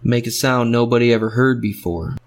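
A man voicing the devil at a crossroads, a tall barrel-chested figure who speaks in a slow, measured, knowing way. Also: medium pitch, lightly acted. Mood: menacing.

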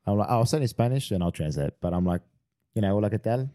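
A man's voice: lowish voice, expressive, fast talker, mellow. A man, chatting on a casual podcast in a rambling way, restarting his sentences and swearing freely.

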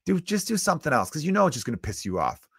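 A man's voice: on the high side, sing-song, very fast, slightly rough, no room sound, clean studio sound. A man in his thirties hosting a solo comedy podcast, ranting bluntly with lots of swearing. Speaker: podcast host.

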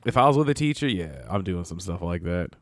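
A man's voice: deep voice, animated, quick pace, no echo. Dry, joking male podcast co-host. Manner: joking, laughing, loose. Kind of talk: crude casual banter.

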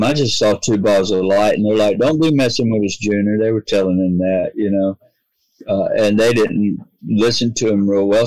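A man's voice: lowish voice, a little mellow, no echo, poor audio. A man, earnestly telling a long personal story in a rambling way, often restarting his sentences. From North Carolina, US. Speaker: guest telling his own experience. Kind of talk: casual storytelling.

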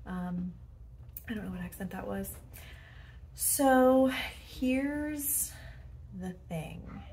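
A woman's voice: sits high, lively intonation, slow, dark tone, a little hiss or hum. A woman hosting a solo podcast from her bedroom as a head coach, chatty and self-deprecating, with many fillers. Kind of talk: casual solo podcast monologue.

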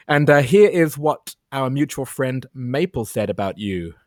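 A man hosting a podcast interview, asking questions in a warm, polite way. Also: medium pitch, lively intonation, unhurried, soft background music. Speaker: podcast host.

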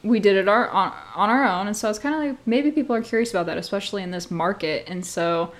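A young woman of twenty talks on her own podcast in an easy, rambling way, full of "like." She gets animated and shoots up in pitch when something thrills her. Mid-range voice. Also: quick pace. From Missouri, US. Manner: chatty and animated, heavy use of "like," jumps up in pitch when excited. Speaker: podcast host. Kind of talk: solo casual podcast chat.

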